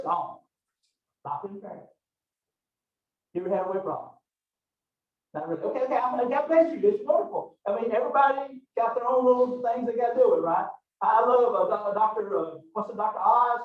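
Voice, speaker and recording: A middle-aged man lectures on anatomy, wandering into chatty stories and asides. His voice sits fairly high for a man. It was picked up from across an echoey classroom, and the recording sounds dull and lo-fi. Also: far from the mic. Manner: folksy, rambling storyteller with asides. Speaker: college anatomy instructor.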